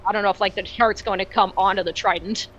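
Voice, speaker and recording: A woman playing a tabletop game, talking in a hesitant, halting way and often restarting her sentences. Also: medium pitch, fairly even intonation, fairly bright tone, dull audio. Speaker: player.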